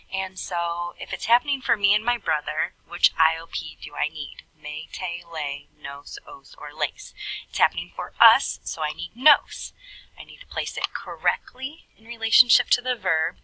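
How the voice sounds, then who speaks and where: Teacher type: woman with a low, bright-edged husky voice, patient step-by-step explainer, recorded at a distance on a computer mic. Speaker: Spanish teacher. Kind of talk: recorded classroom lesson with screen writing.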